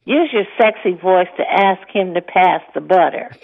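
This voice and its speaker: A woman's voice: lowish voice, normal speed, creaky, narrow, tinny audio. A woman hosting a comic advice segment on a radio show, playful and teasing, laughing often. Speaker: regular advice segment host.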